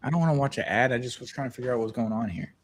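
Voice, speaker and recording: A man's voice: medium pitch, racing, a little hiss or hum. A man hosting a podcast watch-along, chatting casually and rambling as he reads out viewer comments. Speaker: podcast host.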